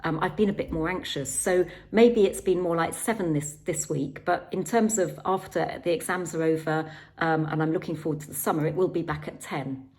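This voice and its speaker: A woman's voice: lowish voice, moderate pace, darkish tone, lightly acted. A woman voicing an anxious young patient who speaks frankly but hesitantly to her mum. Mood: confiding.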